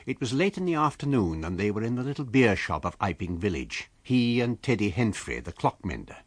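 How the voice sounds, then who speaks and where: Husky-voiced male audiobook narrator. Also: lowish voice, very animated, fairly quick, hardly any pauses, dry recording. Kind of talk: scripted narration of a classic novel.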